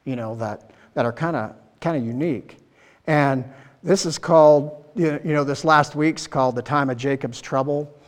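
A male preacher teaching scripture in a relaxed, conversational manner, stopping to ask his listeners questions. His voice sits at an ordinary pitch for a man. The sound carries a long reverb, as if from a large hall. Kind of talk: Bible teaching sermon.

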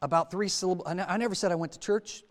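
A man preaching a sermon in a church, talking to the congregation with rhetorical questions and swinging from loud to hushed. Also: sits high, racing, big-room sound. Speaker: lay preacher.

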